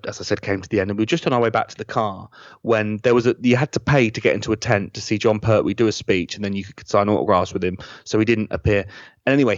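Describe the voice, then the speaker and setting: A man's voice: lowish voice, dry recording, lo-fi sound. A man, a comedian guest telling a rambling, eager story and repeating himself mid-sentence. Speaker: podcast guest, stand-up comedian. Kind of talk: casual chat, storytelling.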